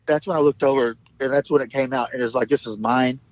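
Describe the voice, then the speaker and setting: A man's voice: mid-range voice, steady tone, quick pace, no room sound, highs cut off. A man telling his story in a rambling, emphatic way, swearing and jumping between thoughts. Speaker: guest recounting an encounter.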